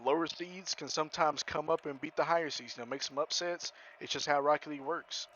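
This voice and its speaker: A man co-casting an esports stream, relaxed and conversational, talking through his predictions. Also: a little high, fairly quick. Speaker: esports co-caster. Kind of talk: casual live commentary. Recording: dull lo-fi mic audio.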